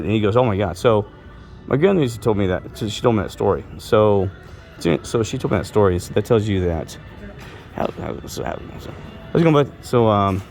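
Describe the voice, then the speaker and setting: A middle-aged man with a low, deep voice, telling meandering stories from his life straight to camera. He keeps doubling back, stacking up fillers and restarting his sentences. Faint music plays quietly behind him. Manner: meandering, repeats himself, many fillers and restarts. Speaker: vlogger. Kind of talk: rambling personal storytelling.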